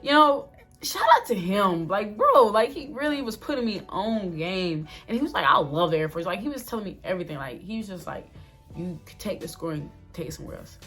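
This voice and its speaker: A young woman vlogger telling a casual storytime, animated and full of fillers, quoting herself and others as she goes. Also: mid-range voice, a little fast, husky, soft background music. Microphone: phone or camera mic.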